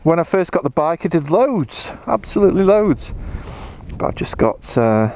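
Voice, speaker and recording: A man's voice: fairly high pitch, very animated, moderate pace, a little mellow, a little hiss or hum. An English man vlogging casually while riding a motorbike on country trails, rambling with dry self-mocking humour and casual swearing, a bit tired. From England.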